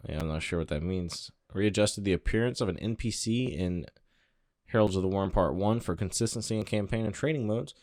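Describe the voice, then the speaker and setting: Low-voiced man reading patch notes. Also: no echo, clean studio sound. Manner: offhand, reads in flat bursts with quick asides. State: out of breath. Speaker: gaming channel host.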